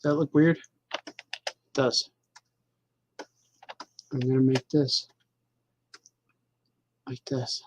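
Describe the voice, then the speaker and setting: A man's voice: mid-range voice, little pitch movement, very slow, long pauses, a little mellow, a little hiss or hum. Rambling middle-aged male cartoonist. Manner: loose, joking, talks to himself. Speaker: cartoonist and podcast host. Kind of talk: casual rambling chat while drawing.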